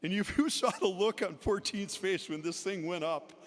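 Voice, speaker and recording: A man's voice: high-pitched, normal speed, few pauses. A man giving a storytelling eulogy at a memorial service, chuckling between anecdotes. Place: large indoor pavilion. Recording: long hall reverb in a large venue.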